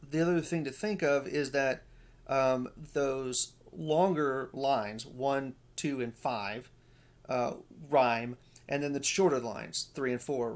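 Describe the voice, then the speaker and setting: Male lecturer, gravelly mid voice, halting explanatory delivery. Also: mid-range voice. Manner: many fillers and restarts, explaining step by step. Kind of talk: recorded lecture.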